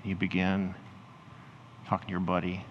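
A man preaching as a pastor, leading the congregation through a guided imagination exercise and slowing into hushed storytelling. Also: low-pitched, completely flat delivery, dull audio, slight background noise. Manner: slows and softens into hushed storytelling. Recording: roomy hall reverb, faint ambience.

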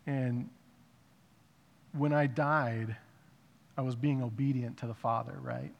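A man giving a personal testimony in a conversational way, rising to emphatic bursts and dropping to hushed reflection. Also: medium pitch, fairly even intonation, slow, gravelly, lo-fi sound. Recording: long reverb of a large hall.

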